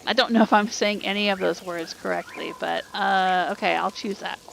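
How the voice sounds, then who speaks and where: A woman's voice: mid-range voice, fairly even intonation, moderate pace, vocal fry, a little hiss or hum, low-quality recording. A middle-aged woman casually streaming a story game, reading the dialogue aloud and chatting about her choices as she goes. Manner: chatty, thinks aloud while choosing dialogue. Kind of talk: casual let's play commentary with read-aloud dialogue.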